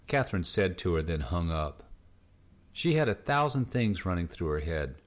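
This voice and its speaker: Deep-voiced man reading a novel. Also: lively intonation, moderate pace. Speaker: audiobook narrator. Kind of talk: scripted narration.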